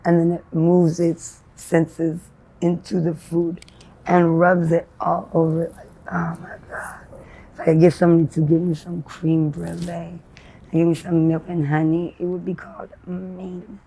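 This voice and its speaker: Interviewee: a woman with a lowish, mellow voice who rambles and drifts between topics without clear links. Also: level tone, a little slow. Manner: rambling, disjointed, free-associating talk. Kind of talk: street interview.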